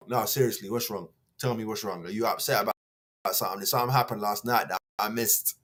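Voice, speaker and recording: A man's voice: on the low side, fast talker, fairly bright tone. A man hosts a show, reading a news piece aloud and then ranting in a heated, slangy, mocking way. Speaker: host.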